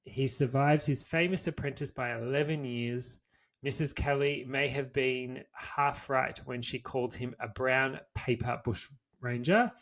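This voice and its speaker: A man's voice: medium pitch, fairly bright tone. A man, co-hosting a podcast and reading a history story aloud from notes before slipping into casual chat. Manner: casual, swears freely, reads from notes. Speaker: podcast co-host.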